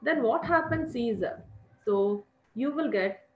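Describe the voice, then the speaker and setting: A woman's voice: fairly high pitch, expressive, slow. A middle-aged woman with an Indian English accent teaching a chemistry lesson, repeating key points and calling her students children. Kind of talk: classroom lecture. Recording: echoey lo-fi room recording.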